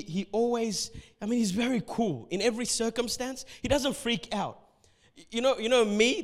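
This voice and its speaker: A man from Ethiopia preaching a sermon as pastor, animated and acting out the people he quotes. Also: sits high. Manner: animated, acts out quotes in shifting voices.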